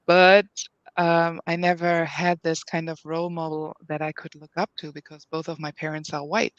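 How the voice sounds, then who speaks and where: A panel moderator who speaks in a measured, empathetic way while leading a discussion. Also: mid-range voice, a bit bright, smooth, no echo, lo-fi sound.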